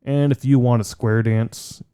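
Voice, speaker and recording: A man's voice: medium pitch, steady tone, unhurried, mellow, smooth. A man co-hosting a podcast in casual chat, enthusiastic and swearing freely. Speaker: podcast co-host.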